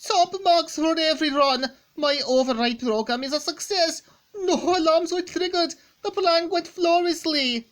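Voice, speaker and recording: A woman's voice: very high-pitched, measured pace, voice pushed up. A woman voicing a gloating male mad scientist, reading comic dialogue in a triumphant, exclamatory manner.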